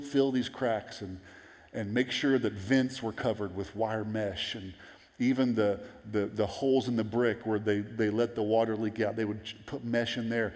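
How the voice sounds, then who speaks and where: A man in his forties preaching a sermon, telling stories in a lively way and acting out the voices of the people he quotes. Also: fairly low pitch, normal speed. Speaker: pastor. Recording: long hall reverb.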